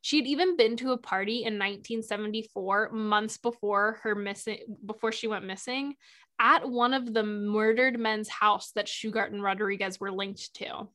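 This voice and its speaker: A woman co-hosting a true-crime podcast, retelling a cold case in casual chat with a sarcastic, animated edge. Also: mid-range voice, moderate pace. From Ohio. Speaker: podcast co-host.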